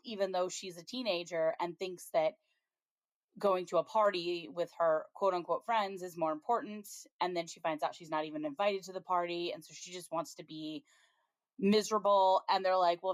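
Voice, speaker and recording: A woman co-hosting a podcast, talking on a slightly low pitch. She recaps a TV episode in a loose, chatty way, dropping lots of ums and small laughs along the way. The sound is close and dry, with no room around her. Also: dry recording. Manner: chatty, frequent ums, laughs while retelling scenes. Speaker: podcast co-host. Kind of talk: casual chat, recapping a TV episode.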